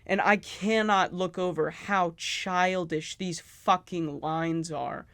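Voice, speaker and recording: A man's voice: sits high, fairly even intonation, slow pace, vocal fry, sharp tone, clean tone, no echo. A man giving sarcastic, profane commentary on a video game. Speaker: video essayist.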